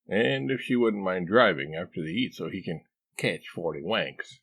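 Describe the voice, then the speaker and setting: A man reading a comic novel aloud as narrator, in a deadpan storytelling manner. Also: sits low, normal speed, creaky. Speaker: audiobook narrator.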